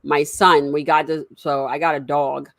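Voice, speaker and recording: A woman with a lowish voice tells stories in a relaxed talk. She acts out quotes with lively energy. The sound is dry and close, with no room echo. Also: unhurried, vocal fry. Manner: animated storyteller, acts out quotes. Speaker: parent. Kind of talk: casual conversation.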